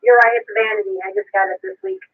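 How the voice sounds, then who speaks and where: A woman checks in to an amateur radio net on her handheld radio, talking briskly. Her voice is husky and her pitch moves a lot. The sound is thin and tinny. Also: very animated. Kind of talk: ham radio net chat. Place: pizza restaurant.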